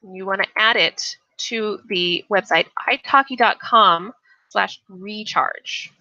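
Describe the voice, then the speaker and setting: A woman's voice: mid-range voice, slow pace, bright, forceful tone, no room sound, dull audio. A woman teaching English on a casual live stream, chatting and reading the chat aloud, often restarting her sentences.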